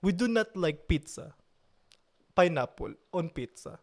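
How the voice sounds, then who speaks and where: Slow-talking playful man streaming live. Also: sits high, animated, darkish tone. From Italy. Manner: playful mock outrage, slow drawn-out delivery. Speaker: livestream host. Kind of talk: casual live-stream chat.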